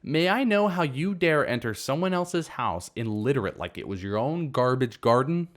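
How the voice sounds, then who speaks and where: A man's voice: medium pitch, lively intonation, moderate pace, voice pushed up, lightly acted. Man voicing a fed-up woman homeowner. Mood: exasperated. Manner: firm, exasperated. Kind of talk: reddit story reading.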